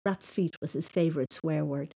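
A woman reading a children's story aloud in a gentle storytelling manner. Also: low-pitched, steady tone, moderate pace, husky.

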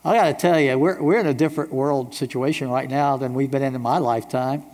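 A man's voice: mid-range voice, fast talker, a little mellow. Preaching man in a reverberant church. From United States. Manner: emphatic preaching with repeated rhetorical questions. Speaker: pastor. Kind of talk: sermon. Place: church sanctuary. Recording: long reverb of a large church hall.

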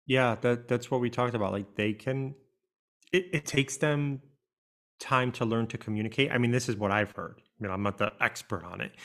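A man co-hosting a podcast, speaking at an ordinary middle pitch. He tells personal stories in a loose, conversational way, full of likes and you-knows. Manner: relaxed storytelling with frequent fillers. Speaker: podcast co-host. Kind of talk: casual chat.

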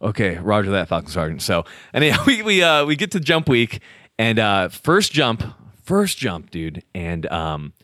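A man telling military stories in casual chat, animated and profane, laughing often and acting out voices. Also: medium pitch, unhurried, no echo, studio quality. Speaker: podcast guest telling army stories.

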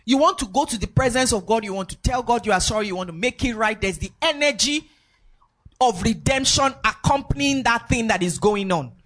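A woman's voice: a little high, brisk, fairly bright tone. A woman preaching a sermon, emphatic and repetitive, with sing-song rises in her voice.

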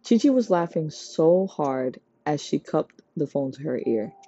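Reader: woman, animated novel narration, warm low tone, dull dry recording. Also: unhurried, slightly rough, no echo. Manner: lively character voices, high for the girls. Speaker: audiobook reader. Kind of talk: reading a novel aloud.

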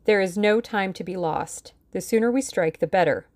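A woman reading as a measured, dry older lawyer. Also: medium pitch, a little mellow, no echo, natural voice. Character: shrewd older male lawyer, calm and commanding.

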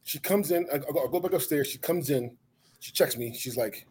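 A man's voice: medium pitch, fast, darkish tone. Laid-back man with faint background hiss. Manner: laid-back, laughs while telling stories. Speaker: podcast guest. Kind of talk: casual chat, storytelling.

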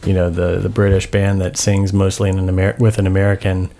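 Gravelly low host guy doing mock dj intros, super laid back. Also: level tone, fairly quick, warm tone. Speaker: podcast host. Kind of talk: casual chat.

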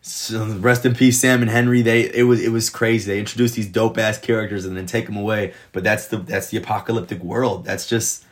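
Excitable, swearing man with a low voice. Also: a little fast, hardly any pauses. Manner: excited, profanity-laden, rambling retelling. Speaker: TV show reviewer. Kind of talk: casual spoken episode review.

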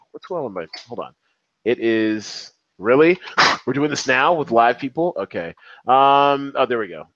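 A man's voice: medium pitch, no echo, dull audio. A man in his forties hosting a podcast, chatting casually about movies, rambling with restarts and swearing. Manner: animated, profane, rambling with restarts. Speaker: podcast host.

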